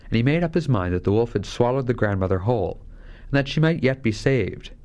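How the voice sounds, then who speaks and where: A man's voice: medium pitch, animated, brisk, darkish tone, dull audio. A man narrating a fairy tale, shifting his voice lightly for each character. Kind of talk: scripted fairy-tale reading.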